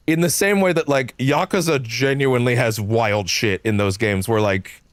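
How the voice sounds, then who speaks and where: A man's voice: mid-range voice, normal speed, dry recording, studio quality. A man streaming a game live, rambling in casual commentary, full of fillers, swearing and frequent laughter.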